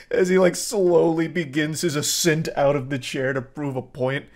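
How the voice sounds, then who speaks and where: Sarcastic guy reacting to a clip, animated, voice a bit high. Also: normal speed. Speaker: commentator.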